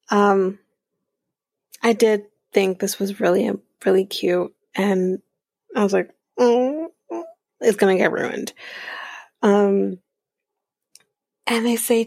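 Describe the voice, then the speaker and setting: Woman podcast host, snarky recap, husky voice, slow delivery, dry close mic. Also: medium pitch, a little mellow, no echo. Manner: snarky, swears, laughs often, acts out quotes. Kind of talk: casual recap chat.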